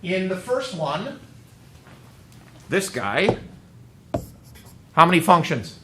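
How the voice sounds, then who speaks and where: A man's voice: sits high, very animated, slow, background noise. A male math teacher lecturing a class, quizzing students with upbeat joking asides. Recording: echoey classroom, mic far off.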